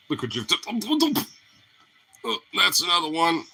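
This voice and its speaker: Playful, profane man with a bright voice. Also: a little high, lively intonation, measured pace, creaky, slight background noise. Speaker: dog owner. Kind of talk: casual vlog talking to his dog.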